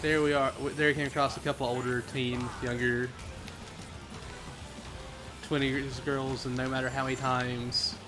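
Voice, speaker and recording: A man's voice: mid-range voice, little pitch movement, unhurried, pauses often, over music. A man from the Southern United States chatting casually on a gaming livestream, rambling, answering chat and laughing often.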